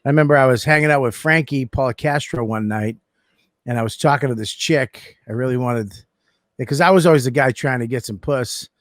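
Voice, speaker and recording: A man's voice: medium pitch, brisk, dry recording, clean studio sound. A man on a casual comedy podcast, telling crude stories and laughing as he goes. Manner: profane, laughing anecdote-teller. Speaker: podcast co-host.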